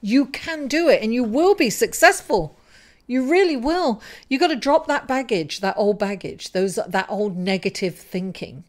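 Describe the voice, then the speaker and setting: A woman's voice: a little high, lively intonation, unhurried, a little mellow. A woman giving a weekly tarot reading to camera, encouraging and musing, who keeps calling the listener darling. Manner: musing, thinking aloud with fillers and restarts. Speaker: tarot reader.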